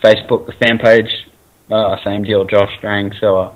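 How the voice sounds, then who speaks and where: A man with an Australian accent, a guest in a casual interview, talking in a relaxed way with many fillers and restarts. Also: fairly low pitch, normal speed, lo-fi sound. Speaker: guest, racer.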